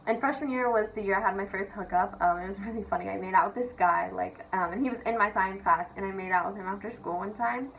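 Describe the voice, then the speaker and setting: A woman's voice: medium pitch, fast talker, creaky, hardly any pauses, a little hiss or hum, low-quality recording. A young woman vlogger telling casual stories about her school years. She giggles, swears freely and fills her speech with "like". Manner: giggly, profane, filler-heavy with constant "like". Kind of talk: casual storytelling rant.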